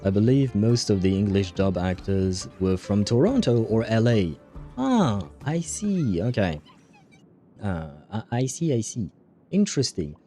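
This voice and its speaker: Rambling low-voiced male streamer. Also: very animated, unhurried, dark tone, soft background music. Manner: rambling, many fillers, frequent laughs. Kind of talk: casual livestream chat reading viewer comments.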